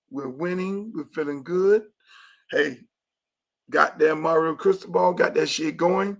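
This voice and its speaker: Brief: high-pitched, gravelly man, profane sports-talk host who hammers his points. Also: measured pace. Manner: loud, profane, emphatic, repeats for emphasis. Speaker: high school football coach.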